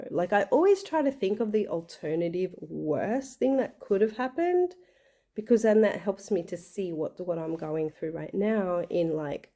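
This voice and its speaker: Talking casually and earnestly to her viewers, a young Australian vlogger speaks in a low, dark-toned voice. Her personal talk to camera is chatty and full of fillers, and she performs the quoted voices.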